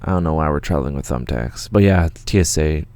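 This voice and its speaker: Low, gravelly-voiced Canadian man chatting. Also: quick pace, darkish tone, no room sound. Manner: rambling, laid-back storytelling with many fillers and swearing. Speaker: music producer hosting a live Q&A stream. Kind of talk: casual livestream chat. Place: home studio.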